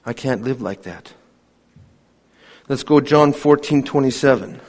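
A pastor delivers an evening sermon to his congregation, pleading fervently at a slightly slow pace. His delivery swings from loud, climbing appeals down to hushed, solemn lows.

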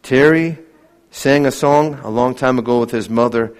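A man preaching an evening sermon to his congregation. He pleads with fervor and swings between loud, climbing appeals and hushed, solemn lows. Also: normal speed, clean tone. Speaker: pastor.

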